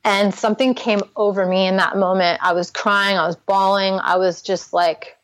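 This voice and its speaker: A woman's voice: mid-range voice, fairly even intonation, normal speed, no room sound. A young adult woman, a Christian life coach, earnestly telling her personal recovery story as a podcast guest, full of "like" fillers.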